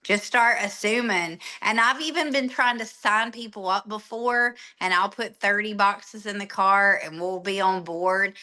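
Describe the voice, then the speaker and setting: A woman coaching a sales team, emphatic and animated, acting out little quoted exchanges. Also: medium pitch, a little slow, few pauses. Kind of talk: enthusiastic coaching talk.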